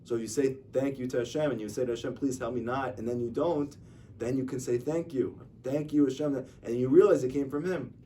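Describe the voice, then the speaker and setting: A man's voice: mid-range voice, warm tone. A man, a rabbi, giving an informal religious lecture, talking conversationally and acting out stories with dialogue. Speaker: rabbi teaching a class. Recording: distant mic with faint noise.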